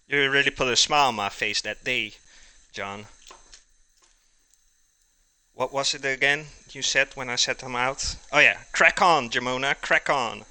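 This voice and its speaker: Guy cooking on a live stream, really bright punchy voice, chatty and laughing a lot with his viewers. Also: medium pitch, steady tone, unhurried, pauses often, clear, resonant tone, no echo. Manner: chatty, jokey, laughs often, reads out and answers chat. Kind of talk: casual chat with viewers while cooking. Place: home kitchen.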